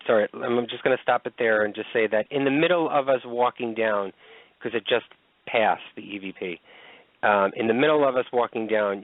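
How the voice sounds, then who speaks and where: A man's voice: lowish voice, dry recording. Man on a thin phone line. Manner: plain and repetitive, with many ums. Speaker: radio show co-host. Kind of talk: casual radio talk, explaining evidence.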